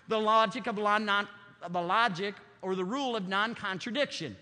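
A man's voice: high-pitched, moderate pace, sharp tone, long reverb tail. A man in his fifties preaching a sermon, emphatic and repetitive. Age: 50s. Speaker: pastor.

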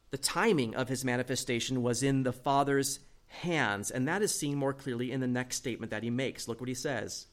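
A man preaching a sermon, reading scripture aloud and explaining it in an animated way, dropping quiet for emphasis. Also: mid-range voice.

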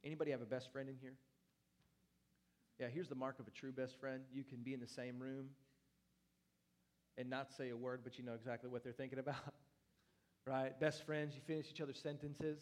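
A young adult man preaching a sermon in a church, animated and playful, with loud and soft swings as he talks. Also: medium pitch, brisk, long pauses. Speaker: pastor.

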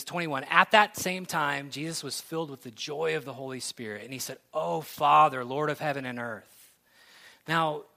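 Bright-voiced man preaching a sermon. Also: mid-range voice, gravelly. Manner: conversational, earnest, builds to excitement. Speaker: pastor.

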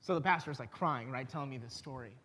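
A man, a pastor, preaching a sermon in a conversational storytelling way, pausing for emphasis. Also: mid-range voice, bright, forceful tone.

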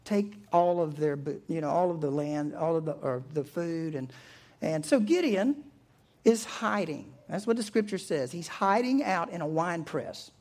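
A man preaching a sermon, who tells the story in a lively, informal way and acts out the characters. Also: a little high, a little slow. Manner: animated storytelling, acting out quotes, chuckling. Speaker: pastor.

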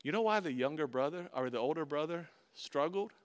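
Male pastor, fairly high voice, preaching a sermon with big swings between forceful emphasis and near-hushed lines, reading and unpacking scripture. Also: expressive, brisk. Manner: reads scripture aloud and comments on it.

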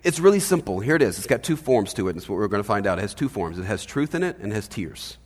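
Guy pastor preaching, chatty and lively, keeps saying right?, echo of a big church hall. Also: lowish voice, fast talker. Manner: animated, conversational preaching with frequent "right?". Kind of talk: sermon.

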